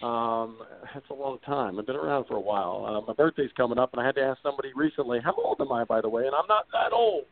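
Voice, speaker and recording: A man's voice: medium pitch, lively intonation, fast, vocal fry, few pauses. A middle-aged man, a motorsports broadcaster, answering interview questions in an eager, rambling way with many restarts. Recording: tinny phone-like audio.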